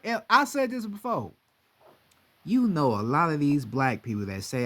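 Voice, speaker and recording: Brief: young man, slightly high voice, casual profane rant, animated delivery. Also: moderate pace. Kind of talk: casual monologue.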